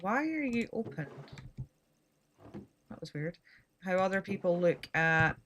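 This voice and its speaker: A woman's voice: lowish voice, lively intonation, measured pace, fairly bright tone, slight background noise. A Scottish woman from Scotland, chatting casually and rambling with dry humor while she streams a game. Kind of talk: casual chat while gaming.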